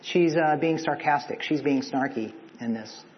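Conversational preacher in an echoey hall. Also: male voice, mid-range voice, moderate pace, muffled recording. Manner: conversational, asks the listeners questions. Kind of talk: sermon.

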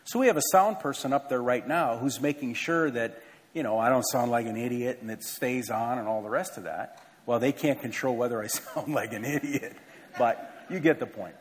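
Middle-aged man, pastor, mid-pitched voice, conversational pulpit announcements, big sanctuary reverb. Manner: conversational, earnest, self-deprecating asides. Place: large church sanctuary with a balcony. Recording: long hall reverb in a church.

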